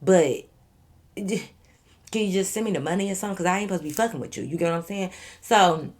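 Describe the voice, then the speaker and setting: Lower-voiced woman telling a storytime. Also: fast talker. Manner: animated, blunt and profane; addresses viewers directly. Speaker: YouTube storyteller. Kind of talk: casual storytime vlog.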